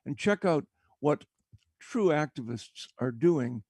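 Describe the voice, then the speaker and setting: A man hosting a talk show, speaking haltingly with frequent restarts. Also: fairly high pitch, animated, dark tone, husky, no echo. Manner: halting, repeats and restarts words. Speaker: show host. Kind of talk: casual talk show chat.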